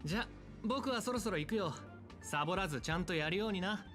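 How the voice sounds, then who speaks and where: A male voice actor playing a young researcher who teases a new colleague, with a brisk, lightly mocking delivery in a game. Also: high voice, lively intonation, fairly bright tone, faint music behind. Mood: wry. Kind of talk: Japanese game voice acting.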